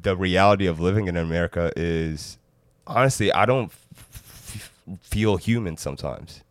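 A man's voice: sits low, moderate pace, dry recording, clean studio sound. A man from Africa telling a story as a podcast guest, hesitant and full of fillers. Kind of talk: casual chat.

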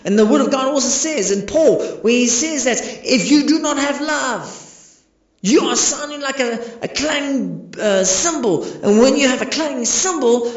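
High-voiced preaching pastor, echoey and lo-fi. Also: male voice, normal speed. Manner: emphatic preaching with rhetorical questions. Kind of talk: sermon. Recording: echoey, dull lo-fi recording.

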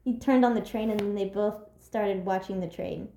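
A woman's voice: mid-range voice, steady tone, moderate pace, gravelly, mellow. A young woman co-hosting a casual movie chat, rambling and giggly with lots of fillers. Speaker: podcast co-host. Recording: echoey room.

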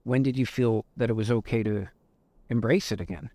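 A man co-hosting a podcast asks questions in a measured, thoughtful way, feeling for his words. His tone is mellow and low-key. The recording is close and dry. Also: steady tone, gravelly, dry recording. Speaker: podcast co-host. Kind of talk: casual interview questions.

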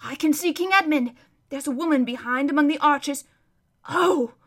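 A woman's voice: high-pitched, moderate pace, lightly acted. A woman voicing an old male hermit who describes a distant battle as a vivid, emphatic running commentary. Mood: excited.

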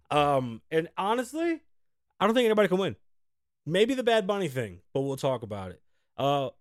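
A man's voice: fairly high pitch, no room sound, studio quality. A man hosting his own talk show, telling stories in a loose, profane, laughing way. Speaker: podcast host. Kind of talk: casual storytelling monologue.

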